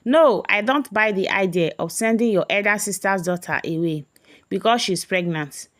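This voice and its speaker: A woman's voice: medium pitch, moderate pace, a bit bright, dry recording, clean studio sound, close to an everyday voice. A woman voicing a firm middle-aged father.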